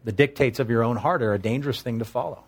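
Pastor, male, mid-pitch voice, conversational sermon with humor between scripture readings. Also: fast talker, slightly rough. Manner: expository Bible teaching with humorous asides; reads scripture aloud, then explains it conversationally.

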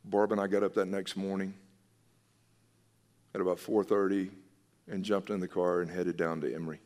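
A man's voice: sits low, little pitch movement, normal speed, a little mellow, in a large hall. A man, a pastor, preaching a sermon in an earnest, emphatic way, repeating his key phrases.

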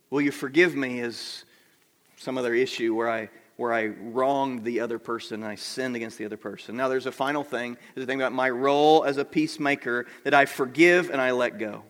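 Middle-aged man, pastor, conversational sermon, bright, hall reverb. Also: medium pitch, fairly even intonation, a little fast. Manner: conversational, asks the congregation questions. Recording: long reverb of a large hall.

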